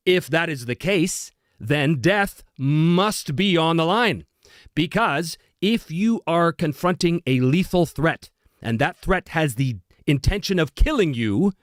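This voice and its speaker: A man hosting a live stream Q&A, chatty and animated, with self-deprecating humor. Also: fairly high pitch, no echo, clean studio sound. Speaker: host.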